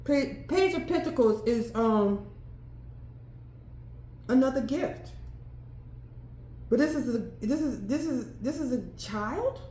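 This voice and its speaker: A woman with a high voice reads tarot cards at an unhurried pace, musing aloud as she goes. She often bursts into exclamations and laughs. Her voice echoes in a roomy space, with faint ambience behind it. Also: lively intonation, dark tone, a little hiss or hum. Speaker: tarot reader. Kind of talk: solo tarot card reading.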